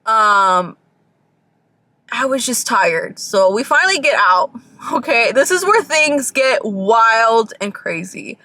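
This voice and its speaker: Young woman vlogger, high, bright voice, dry close sound, chatty and animated, swears a lot. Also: takes it slowly, dry recording. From Georgia. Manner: animated, swearing, acts out people in bursts. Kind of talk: casual storytime chat.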